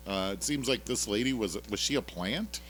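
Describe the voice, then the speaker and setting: Low-voiced joking man, lively delivery. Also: normal speed, a little hiss or hum. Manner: rambling, jokey, with frequent fillers and laughs. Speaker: podcast co-host recapping a TV episode. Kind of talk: casual chat.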